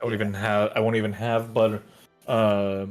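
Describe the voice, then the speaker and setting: A man's voice: fairly low pitch, flat delivery, moderate pace, faint music behind. A man running a tabletop game as game master, joking and often hesitating. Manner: loose, jokey and hesitant.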